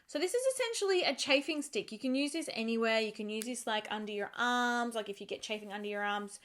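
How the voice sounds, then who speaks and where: A woman beauty vlogger giving a casual, chatty product review, animated and emphatic, often repeating words for effect. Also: on the high side, quick pace.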